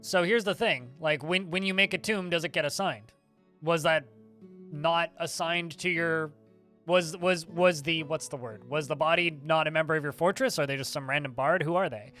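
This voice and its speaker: Chatty man streaming, bright voice. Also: a little high, faint music behind. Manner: chatty, fast-talking, answers chat questions. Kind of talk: casual livestream chat answering viewers.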